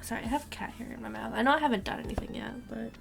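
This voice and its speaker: A young woman streamer chatting casually and rambling to her viewers, swearing now and then, with a gravelly voice. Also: fairly high pitch, rapid-fire, noisy background.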